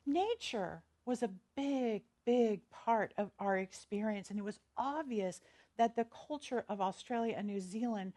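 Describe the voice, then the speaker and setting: A woman's voice: medium pitch, darkish tone. A woman minister, giving a chatty, storytelling sermon and laughing easily. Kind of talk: conversational sermon.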